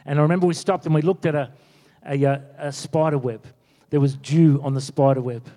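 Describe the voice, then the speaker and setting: Preacher in an echoey hall. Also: male voice, fairly high pitch, a little fast. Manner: animated storytelling, acting out quotes. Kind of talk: sermon. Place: church.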